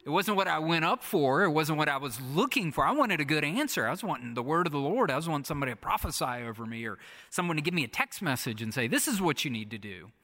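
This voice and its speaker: A pastor preaching a sermon, repeating phrases and often dropping to a soft, hushed delivery. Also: male voice, fairly high pitch, expressive, fast talker, hardly any pauses. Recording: long reverb of a large hall.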